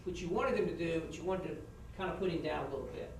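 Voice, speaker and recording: A man's voice: on the high side, fast, a little hiss or hum. A middle-aged man, frankly critiquing students after a mock trial. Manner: frank, folksy, acts out example questions. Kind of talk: spoken feedback to students. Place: classroom. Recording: echoey classroom from far off.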